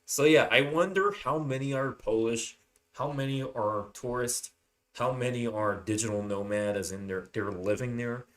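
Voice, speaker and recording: A man's voice: mid-range voice, moderate pace, a bit bright. A man hosting his channel, rambling through a casual, unscripted monologue full of swearing and fillers. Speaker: channel host.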